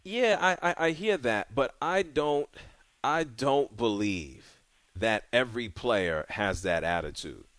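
A man hosting a sports radio talk show, talking in a relaxed, conversational way. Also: mid-range voice, no room sound.

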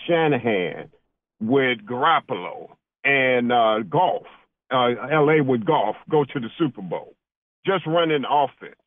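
A man's voice: medium pitch, dry recording. A man calling in to a sports radio show, fired up and rambling, peppering his talk with "man". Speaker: caller. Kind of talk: call-in radio chat. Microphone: phone. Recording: tinny phone line.

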